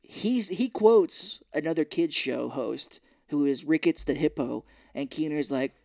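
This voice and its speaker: Male podcast co-host for a lively, profane movie recap with a dry, close-miked sound. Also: a little slow, vocal fry, dry recording. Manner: animated retelling, acts out characters' lines in high voices; swears freely. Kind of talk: casual movie recap chat.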